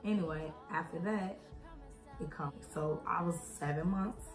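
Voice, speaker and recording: Young woman, casual makeup-chat storytelling, low-pitched, roomy echo. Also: a little slow. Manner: animated, acts out quoted voices, addresses viewers as y'all. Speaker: beauty vlogger. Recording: echoey room with faint music.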